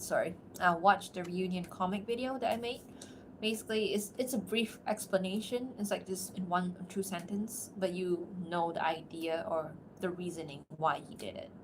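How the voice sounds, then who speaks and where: A woman streamer from outside America chatting casually on a livestream, talking in quick asides and laughing often. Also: lowish voice, slight background noise. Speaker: streamer and voice actor.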